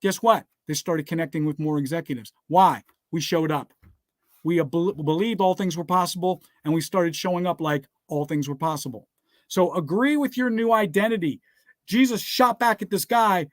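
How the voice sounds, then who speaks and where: A man with a fairly high voice delivers a motivational business talk mixed with scripture in an emphatic, preacher-like way. He keeps asking rhetorical questions and telling listeners to write things down, and his voice sounds close and dry, with no room echo. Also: moderate pace. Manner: repeats rhetorical "guess what?" and "all right?". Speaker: motivational speaker.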